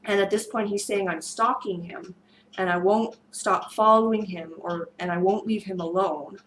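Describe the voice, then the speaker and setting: A woman's voice: medium pitch, fairly even intonation, normal speed, a little hiss or hum, low-quality recording. Woman losing her voice, telling a story. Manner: rambling, many fillers and restarts. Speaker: vlogger. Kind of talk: storytime monologue.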